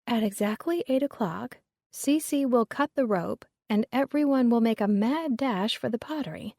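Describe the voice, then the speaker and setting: A woman voicing a shrewd middle-aged mother who talks in a hushed, dryly sarcastic way. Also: on the high side, lively intonation, moderate pace, no echo, studio quality, pitched above the performer's own voice. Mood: knowing. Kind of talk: audiobook character reading.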